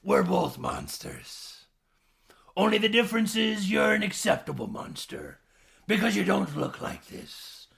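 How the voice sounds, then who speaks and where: A man doing an impression of a bitter, grotesque sewer-dwelling crime boss, in a high, strained voice. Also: big pitch swings, measured pace, creaky, full character voice. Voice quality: high, strained, half-shouted.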